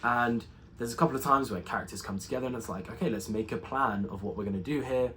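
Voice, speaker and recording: A man's voice: mid-range voice, quick pace, pushed and bright, slight background noise. A young man giving a casual spoken film review, rambling with many fillers and restarts. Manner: rambling, full of ums and restarts.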